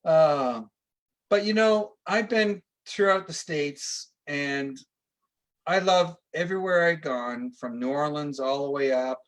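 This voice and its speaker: A man talks as a guest, chatty and animated as he spins stories and laughs along with the host. His voice sits a little higher than most men's. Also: takes it slowly. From Canada. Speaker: guest psychic medium. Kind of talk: casual chat.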